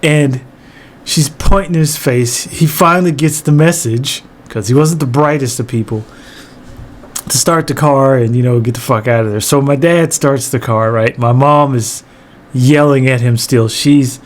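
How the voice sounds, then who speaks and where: Animated, laughing man telling a story. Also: medium pitch, normal speed. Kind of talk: comedic storytelling monologue.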